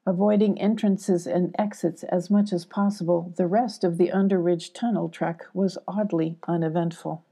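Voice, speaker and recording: An older woman reading a children's storybook aloud in a gentle, unhurried way. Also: lowish voice, fairly even intonation, slightly rough. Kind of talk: audiobook narration for children.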